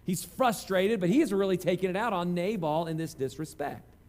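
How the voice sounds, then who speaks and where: A man's voice: sits high, fairly quick, darkish tone. A man preaching a conversational sermon, telling self-deprecating stories. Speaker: pastor.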